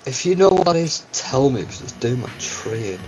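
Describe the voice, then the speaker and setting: A gaming channel host provides let's-play commentary in a medium-pitched voice at a moderate pace, with game music in the background and dull audio. He's excitable, exclaiming and yelping as events unfold in the game.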